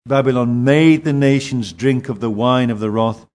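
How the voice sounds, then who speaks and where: The voice belongs to a man preaching in a church in Singapore; his delivery is slow and emphatic, marked by animated pitch movement.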